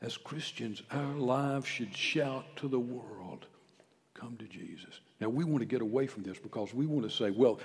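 A male pastor preaching a sermon, swinging from quiet, close talk to loud shouted calls. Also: medium pitch, moderate pace, hardly any pauses. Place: church sanctuary. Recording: church hall with long reverb.

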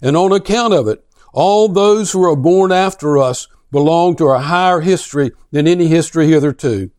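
A man preaching a sermon, speaking slowly and emphatically and building to intense, questioning passages as he reads aloud. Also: on the high side, a little mellow. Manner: slow, emphatic delivery, rising to intense questioning when reading aloud. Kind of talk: sermon with dramatic reading.

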